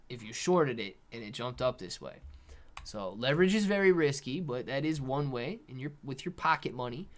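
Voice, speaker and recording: A young man hosts a live trading stream in a loose, chatty way. His voice sits at an ordinary middle pitch, and he flares up animatedly and sarcastically when something bothers him. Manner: animated, sarcastic rants, reads chat aloud. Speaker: livestream host. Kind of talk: casual live market commentary.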